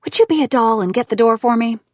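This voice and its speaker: A woman's voice: on the high side, fast, darkish tone, no echo, voice pushed up, close to an everyday voice. A woman voicing a flustered, exasperated young woman calling out in a raised, exclamatory way.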